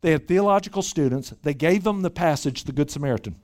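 A man delivering a sermon to a retreat gathering. His pitch sits somewhat high and moves a great deal, rising and falling as he presses each point. He stumbles over and repeats opening words as he goes. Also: quick pace. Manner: animated, repeats words when starting a thought. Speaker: pastor. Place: church retreat session.

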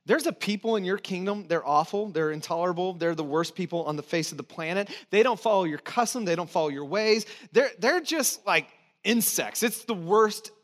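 A preacher playing a scornful, scheming male royal official who eagerly pitches a cruel plan to the king. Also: expressive, a little fast. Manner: pushy, sneering sales pitch.

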